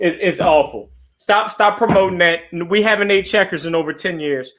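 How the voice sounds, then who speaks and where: A man's voice: high-pitched, normal speed. A man co-hosting a podcast in casual, teasing banter. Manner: joking, loud, teasing. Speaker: podcast co-host.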